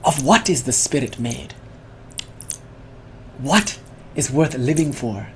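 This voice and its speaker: A man voicing a passionate romantic young man in a mock Spanish accent, speaking low and hushed. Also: lively intonation, slow, slight background noise. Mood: solemn.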